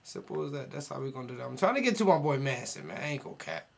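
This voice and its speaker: A man's voice: mid-range voice, very animated, very fast, gravelly, husky. A man hosting a reaction video, chatting casually and straight to his viewers in slangy, laid-back talk.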